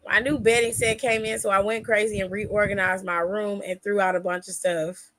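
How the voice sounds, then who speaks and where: Bright, lively woman recapping wrestling. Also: medium pitch, moderate pace, dry recording. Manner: animated storytelling, acts out quotes, laughs often. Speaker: podcast host.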